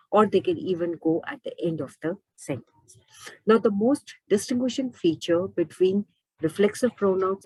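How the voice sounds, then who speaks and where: Woman grammar teacher, low-pitched husky voice, dry close recording, patient explainer. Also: mellow, no echo, low-quality recording. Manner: repeats and rephrases points, asks rhetorical questions. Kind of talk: explaining lesson.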